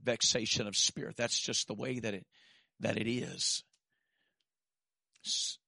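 A man preaching a sermon, swinging from shouted peaks to quiet asides and dropping in "amen.". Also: on the low side, fairly even intonation, measured pace, gravelly, long pauses, no echo, studio quality.

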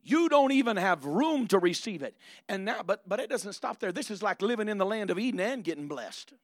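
High-voiced fervent preacher. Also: male voice, big pitch swings, brisk, dry recording. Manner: builds from quiet asides to loud fervent preaching. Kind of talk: sermon.

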